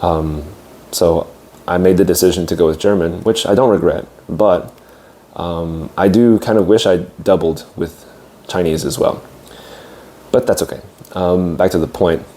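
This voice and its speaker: A young man with a deep voice recounts his path to teaching in a relaxed, thoughtful monologue. His tone is warm and mellow, and he often pauses, hesitates and restarts his sentences. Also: slight background noise. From United States. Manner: reflective, hesitant with fillers and restarts. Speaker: English teacher. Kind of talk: casual storytelling monologue.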